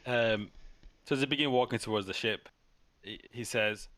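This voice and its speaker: A man's voice: lowish voice, moderate pace, fairly bright tone, dry recording. A man narrating as game master in a tabletop game, playful and teasing, with frequent restarts.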